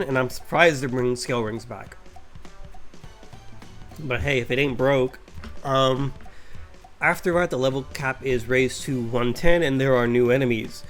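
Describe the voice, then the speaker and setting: A man, a VTuber, rambling without a script about a game update, sounding tired and filling pauses with ums and restarts. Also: medium pitch, a bit bright, faint music behind. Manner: tired, yawning, many fillers and restarts. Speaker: vtuber commentator. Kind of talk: unscripted rambling commentary.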